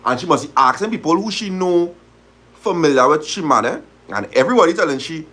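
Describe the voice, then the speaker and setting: A man's voice: fairly high pitch, expressive, brisk, a bit bright, a little hiss or hum. A man hosting a live stream, reading a story aloud in dialect and reacting to it animatedly. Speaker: host of a live talk stream.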